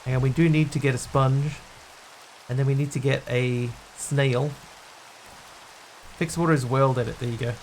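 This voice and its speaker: A man streaming a building game, talking through what he does and answering questions from viewers in a relaxed, casual way. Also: mid-range voice, moderate pace, long pauses, slight background noise. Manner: thinks aloud while building, answering viewers' chat.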